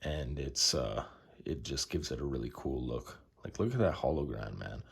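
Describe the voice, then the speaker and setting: A young man casually showing his knife collection, relaxed and enthusiastic, with lots of fillers. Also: rumbling low, moderate pace, gravelly, slightly rough. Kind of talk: casual show-and-tell.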